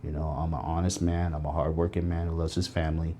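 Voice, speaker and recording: A man's voice: extremely low pitch, level tone, quick pace, dark tone, a little hiss or hum. A middle-aged man speaking as an interview guest, telling his life story in an earnest, reflective way. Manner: earnest, reflective, tells stories with quoted voices.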